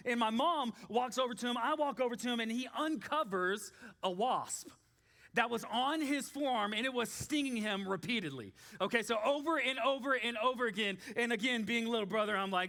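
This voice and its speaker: A man, preaching a sermon in a church in a casual, animated storytelling way with many fillers. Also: very high voice, normal speed. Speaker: pastor.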